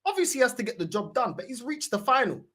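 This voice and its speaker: A man's voice: extremely high pitch, sing-song, rapid-fire, a bit bright. A man, an Arsenal fan, pressing his points in a heated football debate. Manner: pressing, exasperated, repeats "bro".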